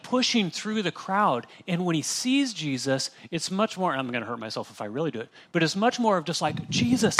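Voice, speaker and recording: Young guy reading scripture and chatting about it, slightly high voice, loose and relaxed, lots of restarts. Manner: conversational, with restarts and acted-out asides. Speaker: Bible study teacher. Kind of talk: casual Bible teaching.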